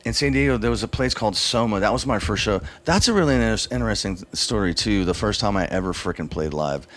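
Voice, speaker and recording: A man's voice: fairly low pitch, animated, fast, a bit bright. Laid-back man telling rambling stories. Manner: loose, profane, rambling storyteller who acts out quoted voices. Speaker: drummer, interview guest. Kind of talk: casual storytelling interview.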